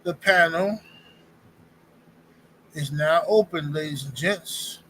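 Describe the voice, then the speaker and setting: A man's voice: a little high, takes it slowly, a bit bright, slight background noise, low-quality recording. A man in his forties hosting a livestream, talking bluntly and slangily in casual commentary. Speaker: livestream host.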